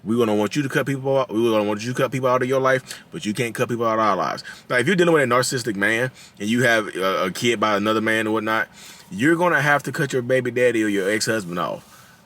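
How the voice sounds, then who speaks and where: A man's voice: medium pitch, fast talker, fairly bright tone. A man in his thirties with a Southern drawl, hosting his own channel and talking casually to viewers, acting out quotes in a raised voice and laughing at his own jokes. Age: 30s. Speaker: channel host. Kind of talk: casual talking-head commentary.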